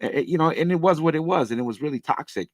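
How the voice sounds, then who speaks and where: A man's voice: fairly high pitch, animated, racing, no room sound. A man on a casual podcast, blunt and repetitive, calling people bro as he makes his points. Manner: blunt, repeats points, says bro a lot. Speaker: co-host.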